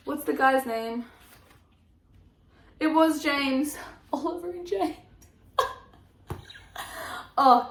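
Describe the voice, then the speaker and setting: A young woman reviewing her favourite books in a casual vlog, gushing and animated, laughing often. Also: on the high side. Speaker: book vlogger. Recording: echoey room.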